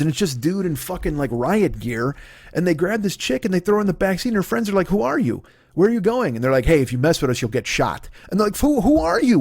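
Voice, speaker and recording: A man hosting his own comedy podcast, telling stories in a loose, profane rant and dropping into quick mocking voices. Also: a little high, darkish tone, no room sound, studio quality. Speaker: podcast host.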